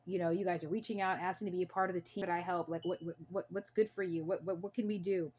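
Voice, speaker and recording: A young American woman speaks to camera in an earnest, emphatic way, often saying the same phrase twice for weight. Her voice sits low. A faint background hum runs under the talk. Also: fairly even intonation, quick pace, darkish tone. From United States. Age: young adult. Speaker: channel host.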